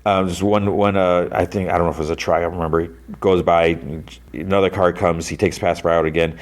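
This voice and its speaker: Low-voiced man rambling through a recap. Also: steady tone, quick pace. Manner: rambling retelling full of "like" and "you know". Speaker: podcast host. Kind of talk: casual episode recap.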